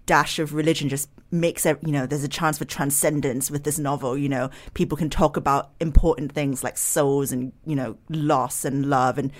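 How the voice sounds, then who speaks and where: A woman's voice: deep voice, steady tone, moderate pace, few pauses. A woman hosting a podcast book club, chatty and confiding as she hands questions to her guests. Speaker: podcast host. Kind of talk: casual book club discussion.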